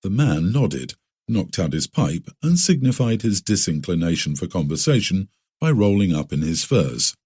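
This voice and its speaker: Husky-voiced male audiobook narrator. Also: sits low, very animated, a little mellow, no echo, studio quality. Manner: measured literary reading. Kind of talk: scripted narration of a classic story.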